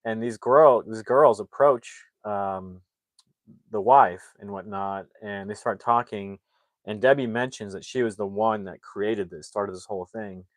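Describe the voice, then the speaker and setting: Low-voiced man rambling through a plot. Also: fairly even intonation, a little slow, no room sound. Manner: rambling, with many fillers and restarts. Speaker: film reviewer. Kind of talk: casual plot retelling.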